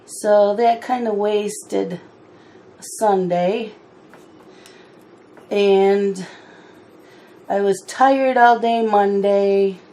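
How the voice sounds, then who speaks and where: A middle-aged woman talks in a slow, unhurried way while she colors. Her chat is easygoing with mildly exasperated asides, and hiccups break in now and then. Her voice sits at an ordinary pitch. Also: steady tone, mellow. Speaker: coloring channel host.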